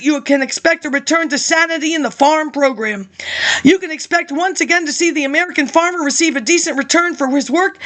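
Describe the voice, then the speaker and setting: Reading an archival speech aloud, a woman with a high, fairly bright voice keeps breaking off into rambling, offhand commentary. Her chatty asides come with frequent laughs and throat clearing.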